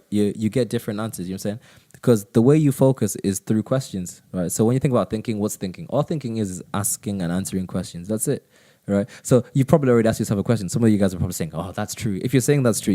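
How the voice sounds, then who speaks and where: A young man talks quickly and earnestly on a podcast, coaching his listeners through self-improvement ideas. His voice is low and mellow, and he keeps checking in with the listener as he goes. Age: young adult. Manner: earnest, coaching, repeats "you know what I'm saying". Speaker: podcast host. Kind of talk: motivational podcast talk.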